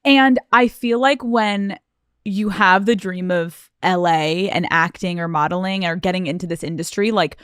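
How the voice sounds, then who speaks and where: A woman's voice: fairly low pitch, moderate pace, a bit bright, clear, resonant tone, dry recording, studio quality. Playful joking woman podcast host. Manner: playful, jokes, swears, acts out quotes. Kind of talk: casual interview chat.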